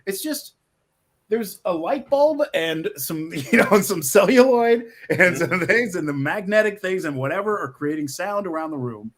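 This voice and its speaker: His voice sits high and moves at a normal speed. A middle-aged screenwriter, he's a guest on a video-call interview from his office, spinning lively anecdotes, restarting sentences often and laughing a lot.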